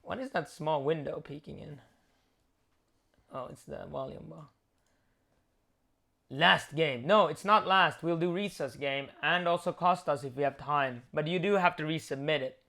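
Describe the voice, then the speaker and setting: A man's voice: a little high, moderate pace, vocal fry, long pauses, bright, forceful tone. A man who develops games, chatting on a live stream in a loose, rambling, joking way. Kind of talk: casual livestream chat.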